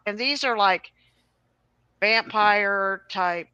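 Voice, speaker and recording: A woman hosting a casual chat, telling a long rambling story in an animated way. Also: medium pitch, moderate pace, no echo, highs cut off. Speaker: host.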